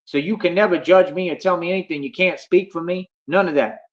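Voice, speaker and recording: A man with a high-pitched voice livestreams, ranting boastfully at his chat a little fast. He is brash and defiant, repeats himself, and calls his listeners homie. The sound is lo-fi.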